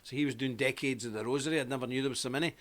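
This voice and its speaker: A man's voice: medium pitch, fairly even intonation, rapid-fire, fairly bright tone. A man hosting a live stream, telling a rambling anecdote and greeting viewers by name in a casual, chatty way.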